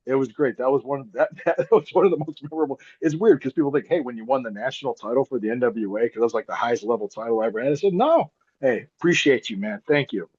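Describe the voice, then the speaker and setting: A husky, slightly breathy man in his fifties chats casually as an interview guest, circling back over his words and laughing often. The sound is dry and a little muffled, like a lo-fi remote line. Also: medium pitch, rapid-fire, few pauses, a little mellow, no room sound. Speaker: guest, pro wrestler and podcaster.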